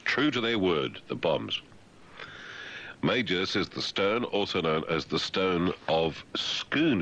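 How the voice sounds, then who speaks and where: A man's voice: low-pitched, big pitch swings, takes it slowly, fairly bright tone. A male radio host reading the news in a comic way, breaking off for dry, sarcastic asides. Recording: dull lo-fi radio broadcast.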